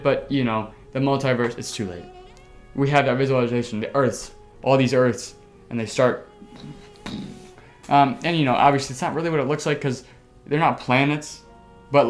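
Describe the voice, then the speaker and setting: A male podcast host who talks in a middling, unremarkable register. He tells his story with loose, excitable energy, punching it up with spoken sound effects and casual cursing. Faint music plays softly behind his voice. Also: medium pitch, moderate pace.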